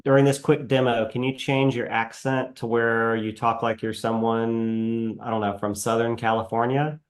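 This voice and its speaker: A man hosting a live webinar, demoing software in a casual, halting way with many fillers. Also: mid-range voice, flat delivery, echoey room. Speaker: webinar host.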